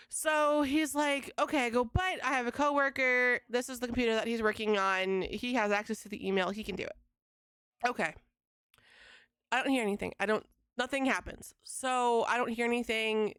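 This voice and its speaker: A young woman livestreaming from home, venting to her chat in a casual, exasperated rant with swearing and quick retellings of conversations. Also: fairly high pitch, steady tone, a bit bright, clean tone, no echo, studio quality. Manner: exasperated, swearing, quoting others in fast retelling. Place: home streaming setup.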